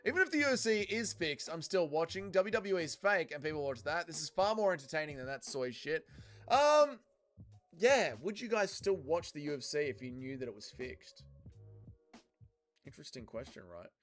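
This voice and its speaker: A man's voice: on the high side, sing-song, moderate pace, a bit bright, soft background music. A man hosting a casual livestream, reading viewer comments aloud and answering them in a loose, profane way. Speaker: livestream host reading chat.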